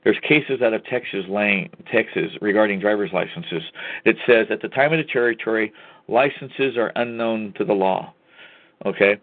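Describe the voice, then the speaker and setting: A man's voice: lowish voice, normal speed. Combative talk-radio man on a tinny line. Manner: folksy, combative, keeps saying "folks". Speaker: radio host. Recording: tinny phone-line sound.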